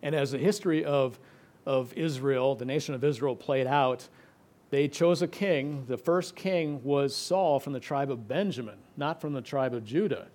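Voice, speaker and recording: A middle-aged man preaching a sermon, explaining scripture verse by verse, moving between emphatic passages and quiet, hushed ones. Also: medium pitch, normal speed. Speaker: pastor.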